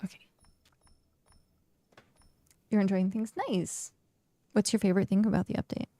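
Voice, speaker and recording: A woman's voice: medium pitch, little pitch movement, fast talker, mellow, no echo, clean studio sound. A woman casually chatting on a game live stream, reading chat questions aloud, with lots of fillers. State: hiccuping.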